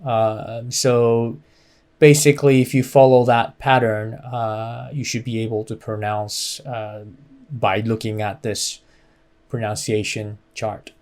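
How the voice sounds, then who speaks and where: A man's voice: mid-range voice, level tone, slow, a little mellow. A man teaching a beginner language lesson, explaining patiently with many fillers and modeling phrases for the listener to repeat.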